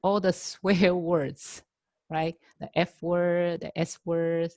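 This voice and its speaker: A woman teaching a class over a video call, a native Chinese speaker explaining in English with many pauses, fillers and everyday examples. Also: lowish voice, flat delivery, darkish tone, no echo, clean studio sound. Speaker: language teacher.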